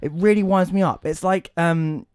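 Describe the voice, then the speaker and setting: A man co-hosting a casual podcast chat, ranting in an animated way and swearing a lot. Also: sits high, moderate pace, clear, resonant tone, no room sound. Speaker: podcast co-host. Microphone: podcast mic.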